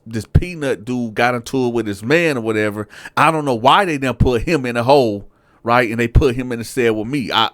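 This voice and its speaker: A man at an average pitch tells a story in a casual, animated way. He curses freely and keeps turning to address his listeners directly. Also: no echo. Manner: profane, animated, addresses viewers. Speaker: show host, storyteller.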